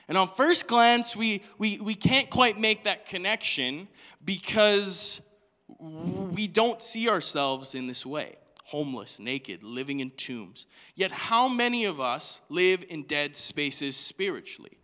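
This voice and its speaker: Male preacher, high bright voice, animated sermon delivery, reverberant hall. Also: slow. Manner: animated, questioning the congregation, acting out voices. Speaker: pastor. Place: church hall.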